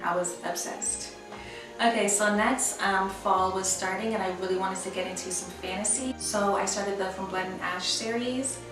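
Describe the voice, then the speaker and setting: A woman's voice: mid-range voice, fairly even intonation, normal speed, far from the mic. A woman book vlogger chatting casually about her reading, rambling with fillers and correcting herself as she goes. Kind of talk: casual chat. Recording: roomy echo, from the mic, faint music.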